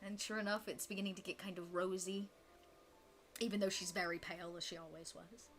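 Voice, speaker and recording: A woman narrating a tabletop role-playing game as game master, soft and unhurried, with frequent fillers. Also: lowish voice, fairly even intonation, soft background music.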